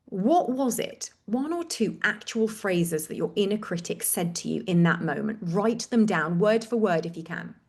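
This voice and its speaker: A woman hosting a webinar, leading a slow, gentle guided reflection exercise over a video call with repeated prompts. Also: medium pitch, expressive.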